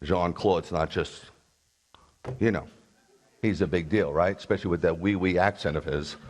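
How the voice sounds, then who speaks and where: A man's voice: sits low, moderate pace. Blunt, combative man preaching a sermon. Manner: blunt, combative, sarcastic asides. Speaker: rabbi.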